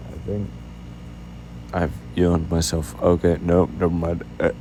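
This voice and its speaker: Yawning man in whispered role-play, gravelly. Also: deep voice, level tone, a little slow, a little hiss or hum, poor audio. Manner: yawning constantly, sleepy and doting; soft-spoken, affectionate, drifting into whispers. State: tired, yawning. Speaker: ASMR boyfriend role-play creator.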